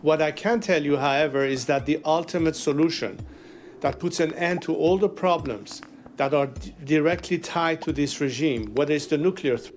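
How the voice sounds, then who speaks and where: A man's voice: fairly high pitch, moderate pace, slight background noise. A middle-aged man from Iran, speaking formally and measuredly as an interviewee on a news broadcast, with frequent hesitations.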